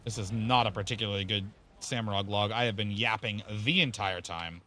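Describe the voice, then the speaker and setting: A man's voice: on the low side, brisk, pushed and bright. A man streaming a game, rambling casually, explaining the game and thanking viewers by name with the odd curse. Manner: casual swearing. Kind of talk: casual live-stream chat.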